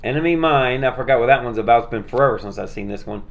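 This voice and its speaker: A man talks in a loose, rambling way, stumbling over words and filling gaps with "uh". His voice sits at an ordinary middle pitch and stays easygoing throughout. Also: fast, highs cut off. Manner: rambling, many fillers and restarts, laid-back. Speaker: vlogger showing his movie collection. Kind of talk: casual rambling chat.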